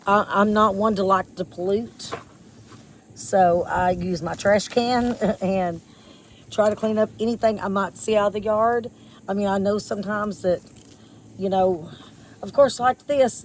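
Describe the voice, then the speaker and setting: A woman's voice: medium pitch, slight background noise. A woman chatting casually with her viewers while pulling weeds outdoors, rambling and folksy, with a slight cough from a chest infection. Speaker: vlogger. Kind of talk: casual chat while doing yard work. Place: outdoors in a yard by a porch.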